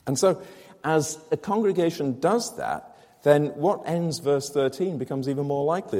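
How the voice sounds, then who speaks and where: A man's voice: a little high, lively intonation, normal speed, a little mellow, big-room sound. A man preaching a sermon to his congregation, explaining a scripture passage with rhetorical questions and emphatic repetition. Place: church.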